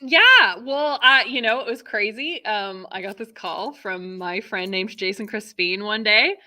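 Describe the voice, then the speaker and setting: A woman's voice: mid-range voice, measured pace, bright, forceful tone. A woman in her thirties from Texas, a theater director chatting casually as an interview guest, full of fillers and laughter. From Texas, USA.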